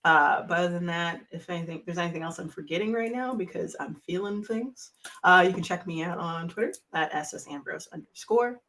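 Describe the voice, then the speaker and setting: A woman's voice: fairly low pitch, fairly quick, a bit bright. A woman hosting an actual-play show, giving a rambling, emotional, casual sign-off and swearing freely. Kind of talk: casual end-of-stream sign-off.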